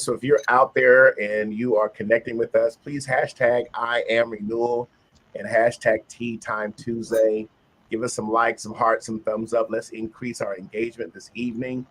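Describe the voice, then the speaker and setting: A man's voice: fairly low pitch, husky. A man hosting a livestreamed wellness session, encouraging viewers and repeating key phrases. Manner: encouraging, repetitive phrasing, addresses viewers directly.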